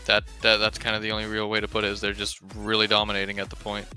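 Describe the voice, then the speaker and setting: A man on a podcast panel giving quick opinions. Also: fairly low pitch, completely flat delivery, sharp tone, faint music behind. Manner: quick, with short laughs. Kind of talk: casual podcast chat.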